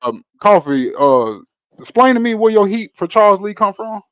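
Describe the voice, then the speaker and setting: A man's voice: high-pitched, big pitch swings, moderate pace, a bit bright, no echo, highs cut off. A man from Alabama co-hosting a sports debate, persistent and repeatedly trying to cut in.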